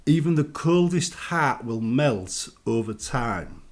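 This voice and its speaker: British man, casual vlog advice, animated up-and-down voice, chatty. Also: medium pitch, slow. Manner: chatty, acts out everyday greetings. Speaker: gaming vlogger.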